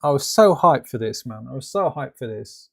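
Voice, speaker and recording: A man's voice: mid-range voice, lively intonation, moderate pace, gravelly, slightly rough. A man hosting a live stream, rambling and ranting about a game trailer in casual reaction commentary. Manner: rambling, ranty, lots of restarts and fillers.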